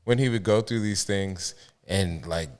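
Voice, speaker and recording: A man's voice: deep voice, measured pace, clean tone. A tattoo artist, a man, chatting in a laid-back, profane way on a podcast. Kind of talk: casual interview.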